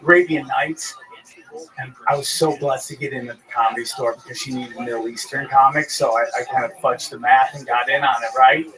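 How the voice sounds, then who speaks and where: A man's voice: mid-range voice, fairly even intonation, crowd noise, poor audio. Easygoing man in casual chat. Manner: easygoing, quick affirmations. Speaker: comedian.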